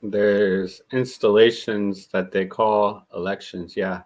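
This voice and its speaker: A man co-hosts a casual show, dropping in short, dry remarks. His voice is low and his delivery slow and unhurried. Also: level tone, a little mellow. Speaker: co-host. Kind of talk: casual chat.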